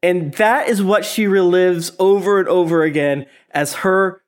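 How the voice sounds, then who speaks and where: A man co-hosting a podcast, talking in a casual, animated rant full of swearing and mimicked voices. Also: high voice, measured pace, clear, resonant tone. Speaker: podcast co-host. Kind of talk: casual review chat.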